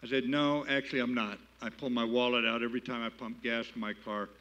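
A man's voice: medium pitch, little pitch movement, fast, fairly bright tone, muffled recording. An older man giving a keynote speech at a gala, telling a war story in a plain-spoken, folksy way and building to emphatic appeals. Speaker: keynote speaker. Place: gala banquet hall.

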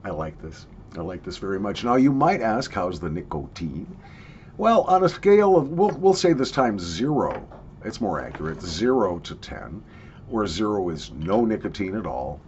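A man's voice: sits low, a little mellow, dull audio, slight background noise. A man in a casual product review, chatty and jokey, coughing and sniffing between his remarks. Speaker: snuff reviewer.

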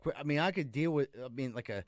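A man's voice: mid-range voice, animated, quick pace, no room sound, studio quality. A young man with a Pittsburgh accent co-hosting a podcast, joking loosely and laughing often in casual crude banter. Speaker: podcast co-host.

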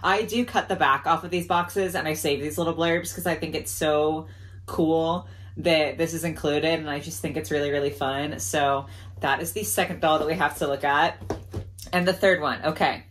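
A woman casually chatting through a doll haul video, talking with lots of fillers and soft laughs, openly emotional and grateful. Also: deep voice, steady tone, moderate pace. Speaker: doll collector vlogger.

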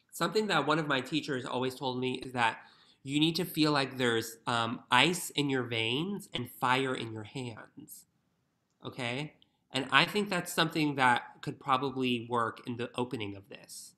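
A man's voice: medium pitch, pushed and bright. A young man teaching violin in an online masterclass, encouraging and singing phrases on nonsense syllables over a video call.

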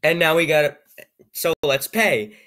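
A man's voice: on the high side, a little slow, sharp tone. A man reading an AI-written story aloud and breaking off for wry, amused comic asides. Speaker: reader and commentator.

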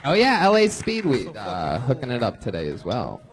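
A man hosting a live comedy show, loud, excitable, crude and teasing. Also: mid-range voice, moderate pace. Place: comedy club stage.

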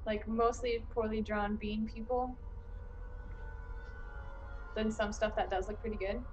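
A woman's voice: fairly high pitch, unhurried, faint music behind, poor audio. Chatty young woman streaming a game. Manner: chatty and reactive, grows flustered and excited. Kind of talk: live game stream commentary.

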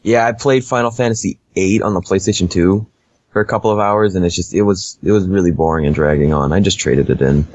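A man co-hosting a casual podcast, deadpan and easygoing, who laughs often. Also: sits low, fast talker, muffled recording. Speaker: podcast co-host.

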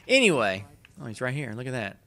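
A hoarse young man rambles through his gameplay commentary, swearing freely and laughing at himself. His pitch jumps around a lot, and his tone stays bright and forceful even with the cold. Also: fast. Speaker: let's play host.

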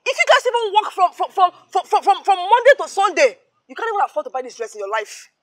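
A woman's voice: very high voice, big pitch swings, quick pace, heavily acted. Ena, a furious haughty rich woman. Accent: Nigerian. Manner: shouting, stammering in rage, barking orders. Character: haughty wealthy young woman, quick-tempered and scornful. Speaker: actress in a film.

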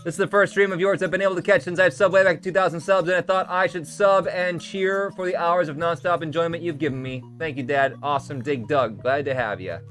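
Jokey, excitable male game streamer. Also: on the high side, quick pace, few pauses, soft background music. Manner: excitable, jokey, breaks into song snatches. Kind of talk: live gameplay commentary.

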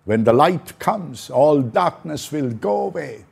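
A man preaching a slow, prayerful sermon, repeating phrases for emphasis. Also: fairly high pitch, animated, creaky, darkish tone, husky. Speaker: pastor.

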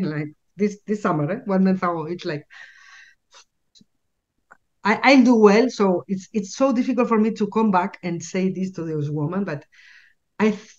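A woman with a Spanish accent tells a story as an interview guest, stumbling and repeating words as she hunts for the English. Her delivery is animated, and the recording sounds a little dull and lo-fi. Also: fairly low pitch, unhurried. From Spain.

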